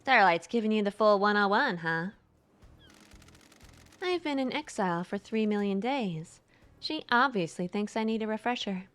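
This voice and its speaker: A woman streamer reading a game's dialogue and text aloud in a plain, even way. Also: mid-range voice, moderate pace, long pauses.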